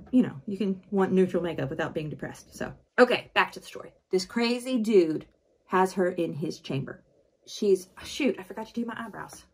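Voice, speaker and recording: A woman vlogger talking casually while she does her makeup. She retells a novel in a chatty, animated way. Her speech is full of fillers and asides. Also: fairly low pitch, breathy edge. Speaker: book vlogger. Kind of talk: casual book summary while doing makeup.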